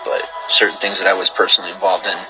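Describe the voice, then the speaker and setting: Deep and level, a man's voice races along very fast during a casual livestream, with background music and a rough recording. He welcomes viewers and reads their comments, then turns heated and rambling, circling back to the same points.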